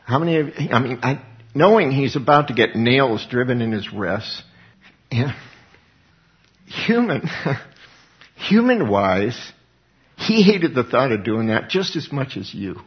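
A man's voice: mid-range voice, very animated, a little slow, pauses often. Earnest, folksy man preaching. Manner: earnest, folksy, rising to emphatic bursts, restarts and soft laughs. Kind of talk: conversational sermon. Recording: slightly dull lo-fi recording.

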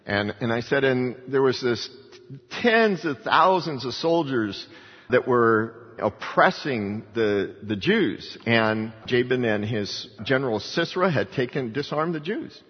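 An older man preaching a Bible sermon, animated and rising in pitch to stress points. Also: unhurried, breathy edge. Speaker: pastor. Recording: dull, reverberant hall sound.

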